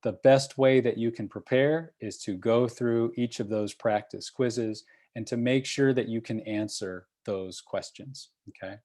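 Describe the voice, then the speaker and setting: A man's voice: medium pitch, unhurried, few pauses, mellow. A man leading an online course review session, patient and encouraging, checking in often with "okay?" and "right?" over a computer mic. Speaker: course instructor.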